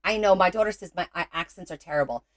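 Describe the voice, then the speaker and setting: A woman's voice: lowish voice, quick pace. A middle-aged woman hosting a casual crafting livestream, chatting and teasing viewers as she works and greeting them by name.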